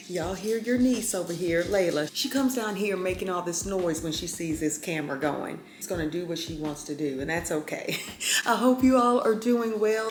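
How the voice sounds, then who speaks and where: A woman's voice: fairly low pitch, slight background noise. A woman in her fifties chatting to camera at home in a folksy way, often calling her viewers y'all. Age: 50s. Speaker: vlogger. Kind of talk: casual chat to camera. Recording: roomy echo.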